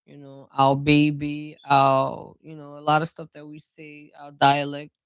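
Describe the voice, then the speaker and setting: A tarot reader with a New Orleans accent, talking casually and directly to the viewer with relaxed, drawn-out phrasing. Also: medium pitch, clean tone, no echo. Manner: reassuring, speaks straight to the viewer. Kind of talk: casual spiritual card reading.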